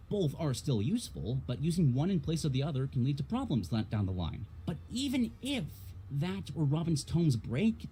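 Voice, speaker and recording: A man's voice: on the high side, mellow, slight background noise. A man reading a prepared game critique aloud on a stream, losing his voice, stressing key words and tripping over a few.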